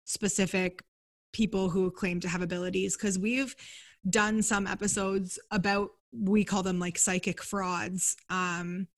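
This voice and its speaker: Woman, podcast host, mid-pitched voice, thoughtful winding questions. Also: flat delivery, a little slow. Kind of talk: interview question.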